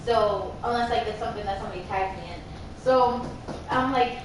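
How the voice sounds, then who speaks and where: A woman's voice: mid-range voice, fairly quick. A young woman telling a story casually to friends, acting out what people said and dropping in Spanish phrases. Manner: animated, quotes people, mixes in Spanish phrases. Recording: roomy, distant mic, background noise.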